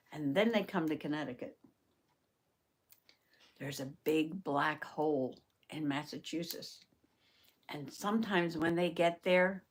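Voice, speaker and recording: A woman's voice: deep voice, fairly bright tone. Chatty woman crafting live. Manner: chatty, laughs often, talks to viewers by name. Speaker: journaling channel host. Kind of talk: casual live crafting chat.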